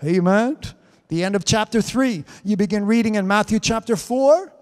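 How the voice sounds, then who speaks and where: A man's voice: sits high, normal speed, darkish tone. A man preaching a live-streamed sermon, fervent and punctuated with amens and hallelujahs. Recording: reverberant hall sound.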